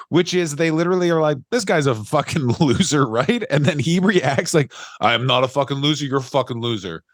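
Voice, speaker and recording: A man's voice: on the high side, dry recording, clean studio sound. Ranting profane podcast man. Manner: profane, ranting, mocking voices. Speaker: podcast co-host. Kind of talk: casual chat.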